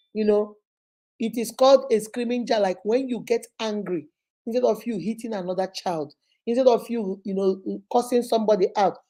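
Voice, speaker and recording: A woman with a mid-range, dark-toned voice hosts a live advice session as a relationship advice host and child therapist. Emphatic and motherly, she repeats her points and calls the listener "baby."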